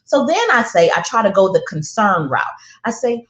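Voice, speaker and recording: A woman's voice: medium pitch, big pitch swings, moderate pace. A woman tells a parenting story to a crowd, frank and salty, often saying a line twice to drive it home. Her mid-range voice rings in a reverberant room. The recording sounds muffled and lo-fi. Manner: candid, profane, repeats lines for emphasis. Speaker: parenting speaker. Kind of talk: storytelling monologue to an audience. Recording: echoey, dull lo-fi sound.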